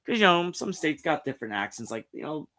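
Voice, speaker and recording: A man's voice: fairly high pitch, big pitch swings, brisk, sharp tone. A man hosting a casual pop culture stream, reading articles aloud and rambling with frequent restarts. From New York. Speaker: streamer host. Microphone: streaming setup mic.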